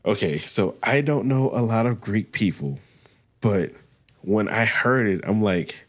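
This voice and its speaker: A man co-hosting a podcast in casual chat, speaking haltingly and thinking aloud with many restarts. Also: lowish voice, expressive, slightly rough. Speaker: podcast co-host.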